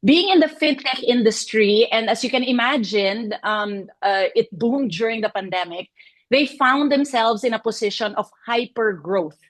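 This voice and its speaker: A woman's voice: fairly high pitch, moderate pace. Chatty woman presenting online. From Philippines. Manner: chatty and animated, with frequent "um" and laughs. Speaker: senior consultant presenting a case study. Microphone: video call.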